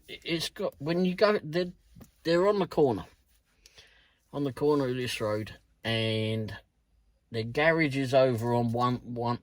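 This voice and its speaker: A middle-aged man with a British accent tells a meandering story about his delivery shift, peppered with curses and little chuckles. His voice sits at an ordinary middle pitch. The sound is dry and close, with no room behind it. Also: dry recording. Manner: rambling, swears freely, chuckles. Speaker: delivery driver vlogger. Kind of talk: casual storytelling vlog.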